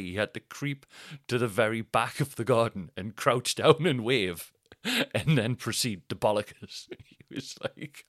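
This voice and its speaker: A man spins a comic story on his own podcast, breaking into laughter and jumping into other people's voices. His pitch sits mid-range for a man. The sound is dry and close to the mic. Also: normal speed, a bit bright, no room sound. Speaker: stand-up comedian, podcast host.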